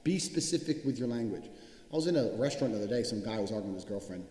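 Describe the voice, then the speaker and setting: A man's voice: fairly low pitch, animated, very fast, warm tone. Blunt, profane man in an echoey room. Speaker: motivational speaker. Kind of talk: motivational monologue. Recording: echoey, reverberant room sound.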